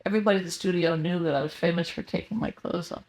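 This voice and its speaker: A woman's voice: fairly low pitch, racing, a little mellow. Older female guest, loose and rambling storyteller, lots of ums and self-corrections. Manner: rambling, meandering anecdotes with many fillers and restarts. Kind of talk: casual interview storytelling.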